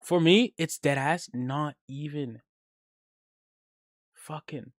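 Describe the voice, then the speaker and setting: Loud, swearing male streamer, dry sound. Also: slow pace, dry recording. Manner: swings from loud hype to low mumbling asides. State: sleep-deprived. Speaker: streamer reacting to videos. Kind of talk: casual, profane livestream chat.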